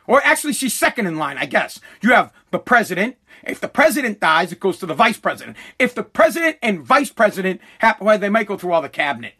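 High, bright ranting man. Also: very animated, fast talker, husky. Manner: profane, heated ranting. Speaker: commentator. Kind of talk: ranting political commentary.

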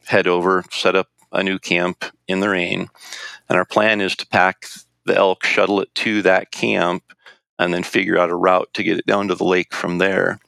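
Deep gravelly man telling a story. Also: fairly bright tone, no echo. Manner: rambling, with restarts and quoted dialogue. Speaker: guest recounting a hunting trip. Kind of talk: casual storytelling.

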